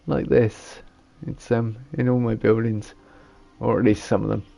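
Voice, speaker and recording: A man's voice: fairly low pitch, level tone, measured pace, gravelly, dark tone. A man, giving casual gameplay commentary and rambling as he thinks aloud while building. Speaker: gamer.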